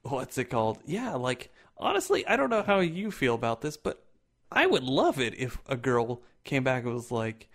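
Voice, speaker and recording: A man's voice: medium pitch, very animated, normal speed. A man co-hosting a podcast, swearing freely and cracking jokes in casual chat. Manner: profane, wisecracking. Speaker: podcast co-host.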